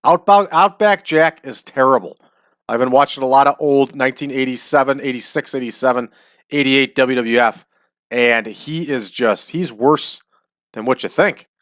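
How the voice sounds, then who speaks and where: A man talking casually over a wrestling booking game, with chatty asides and drawn-out hype calls. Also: medium pitch, fairly bright tone, dry recording, clean studio sound. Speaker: wrestling sim game host.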